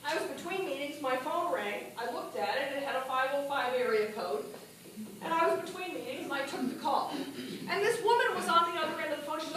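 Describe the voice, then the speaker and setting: A woman giving an animated political speech at a party meeting, asking the audience questions as she goes. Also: sits high, fairly quick, background noise. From New Mexico. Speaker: political speaker. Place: meeting hall. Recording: echoey room from a distance.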